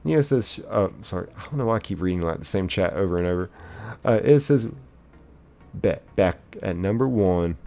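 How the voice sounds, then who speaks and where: A man's voice: sits low, expressive, normal speed, gravelly, dark tone, faint music behind. A man streaming live, casually reading viewers' chat messages aloud in a chipper lilt and chatting back.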